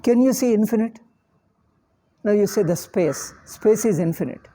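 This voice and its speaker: A man's voice: high-pitched, expressive, moderate pace, warm tone. A man giving a scripture lecture as a spiritual teacher, emphatic and full of rhetorical questions, scornful toward critics.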